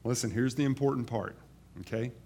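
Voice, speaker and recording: A man preaching a sermon, reading scripture aloud and dropping to quiet, earnest asides to explain it. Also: medium pitch, fairly quick, slight background noise. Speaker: pastor.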